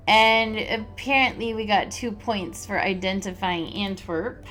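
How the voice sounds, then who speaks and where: A woman hosting a let's-play, chatting casually and reading game text aloud in a relaxed, amused way. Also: medium pitch, slow pace, soft background music. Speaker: host.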